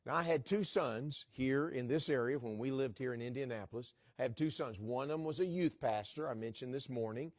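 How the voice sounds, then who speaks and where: A man's voice: mid-range voice, fairly quick, hardly any pauses, dry recording, studio quality. A middle-aged man preaching as an evangelist in a church, telling a folksy story and acting out the dialogue. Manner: folksy, acts out dialogue with restarts. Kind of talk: storytelling sermon.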